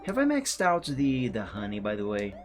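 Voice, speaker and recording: A man streaming a game and chatting casually, relaxed and rambling. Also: lowish voice, moderate pace, over music. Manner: relaxed, rambling, self-correcting. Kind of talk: casual gameplay commentary.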